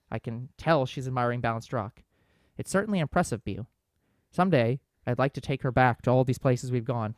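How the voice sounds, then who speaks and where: A man's voice: medium pitch, dry recording, studio quality. A man hosting a let's play, reading a visual novel's narration aloud with small slips. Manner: quick, steady storybook reading with small slips.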